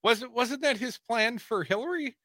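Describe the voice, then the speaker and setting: A man's voice: very high-pitched, moderate pace, sharp tone, no room sound, studio quality. A man co-hosting a casual political talk radio show with wry, teasing banter. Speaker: radio co-host.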